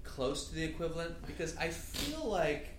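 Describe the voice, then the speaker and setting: Brief: male podcast host, jokey, lively pitch, echoey room with crowd noise behind. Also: normal speed. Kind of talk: casual podcast chat.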